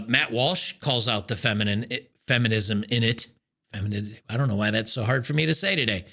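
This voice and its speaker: A man talks to his viewers in a loose solo commentary, his voice bright and a little forceful. He sounds fed up and keeps stopping to restart his sentences, but the delivery stays casual, like an ongoing rant. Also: mid-range voice, gravelly. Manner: frustrated, ranting, many restarts. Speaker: podcast host.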